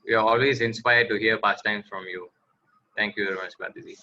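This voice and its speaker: Bright-toned polite moderator man. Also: fairly low pitch, fairly even intonation, brisk, muffled recording. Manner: polite, formal, with fillers. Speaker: program moderator. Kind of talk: formal program announcements.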